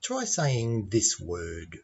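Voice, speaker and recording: Slow, patient Australian man teaching. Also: fairly low pitch, wildly swooping pitch, a little mellow, highs cut off, a little hiss or hum. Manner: clear, patient, demonstrates sounds aloud. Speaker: English pronunciation teacher. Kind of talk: slow, deliberate teaching lesson.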